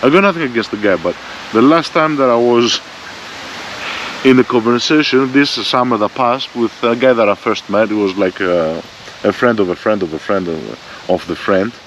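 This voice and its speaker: A man's voice: fairly low pitch, moderate pace, a bit bright. A man in his forties ranting bluntly and profanely in a rambling motorbike vlog, recorded outdoors on a bike-mounted camera. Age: 40s. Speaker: motorbike vlogger. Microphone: bike-mounted front camera. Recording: dull lo-fi sound, faint vehicle noise.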